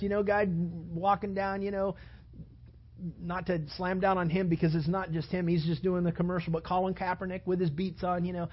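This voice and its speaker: A man's voice: high-pitched, flat delivery, moderate pace. A man preaching a sermon as pastor, building to emphatic, rising bursts. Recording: dull lo-fi sound.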